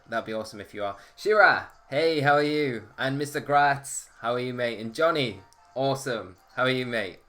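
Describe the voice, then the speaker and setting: A man's voice: medium pitch, a bit bright. A man hosting a casual live stream, chatting and greeting viewers by name.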